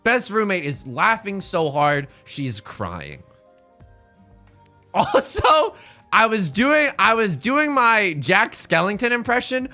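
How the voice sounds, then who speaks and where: Animated young man, bright lively voice. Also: sits high, soft background music. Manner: animated, rambling storyteller with quick self-corrections. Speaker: streamer. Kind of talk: casual chat while playing online mahjong.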